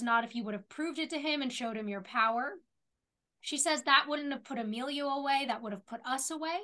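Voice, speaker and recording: A young woman with a bright, fairly high voice co-hosts a casual podcast. She retells a TV episode scene by scene, reading out the characters' lines in a steady chatty flow. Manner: retells scenes at length, reading out dialogue with many "she says". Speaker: podcast co-host. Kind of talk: casual chat and episode recap.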